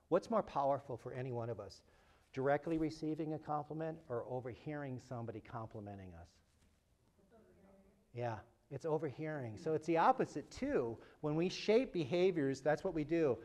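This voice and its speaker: At a parent workshop, a man with a slightly high voice gives a lively talk at a moderate pace to a room with a live audience. He's animated, asks the audience questions and jokes with them.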